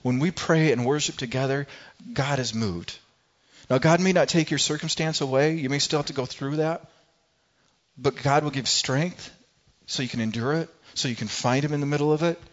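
A man's voice: a little high, moderate pace, lo-fi sound. A male pastor preaching a sermon in a conversational way, often restarting phrases and acting out what people in the story say. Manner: conversational preaching with frequent restarts and acted-out quotes.

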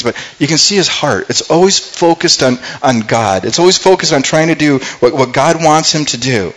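A man's voice: mid-range voice, a little fast, few pauses, fairly bright tone, poor audio. A man preaching a sermon, reading scripture aloud and retelling it, often repeating words and restarting as he goes. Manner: reads scripture then paraphrases with acted character voices. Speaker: pastor.

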